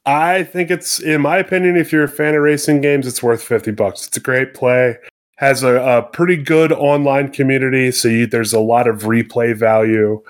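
A man's voice: medium pitch, fairly even intonation, moderate pace, no echo. A man talking loosely and bluntly as a guest reviewer on a gaming podcast. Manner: loose, blunt, a bit of profanity. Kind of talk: casual podcast chat.

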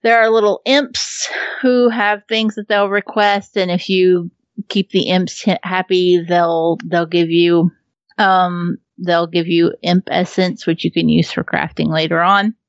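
A woman's voice: fairly low pitch, flat delivery, a little slow, no echo. A woman in casual podcast chat who laughs often, swears freely, and talks with many ums and restarts. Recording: dull lo-fi recording.

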